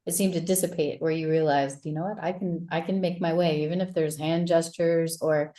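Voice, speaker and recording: A woman with a slightly low voice hosts a casual interview. She asks encouraging questions and rambles a little as she works her way to the point. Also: fairly even intonation, fairly quick, warm tone. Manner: rambling, many fillers and restarts, encouraging questions. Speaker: interviewer and retreat host.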